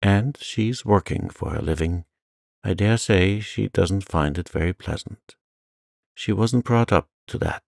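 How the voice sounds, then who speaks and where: A man's voice: low voice, a little slow, vocal fry, dry recording, clean studio sound. A man voicing a proud, lonely older woman in a storybook, talking bitterly and unbendingly.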